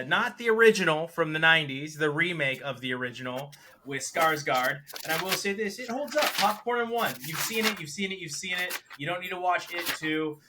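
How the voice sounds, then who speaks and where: A man with a bright, forceful voice, pitched a bit high for a man, talking casually on a podcast about the films he watched. He gets animated and throws himself into the lines he quotes. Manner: animated, acts out quotes with big jumps in pitch and volume. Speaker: podcast co-host reviewing films. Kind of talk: casual chat.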